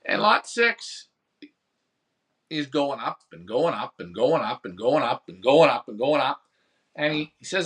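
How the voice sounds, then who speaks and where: A man's voice: medium pitch, sing-song, moderate pace, a bit bright. A man hosting a pigeon racing show, telling a rambling story about an auction and answering viewer comments in casual chat. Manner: rambling storytelling, acts out phone bids. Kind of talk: casual live-stream chat.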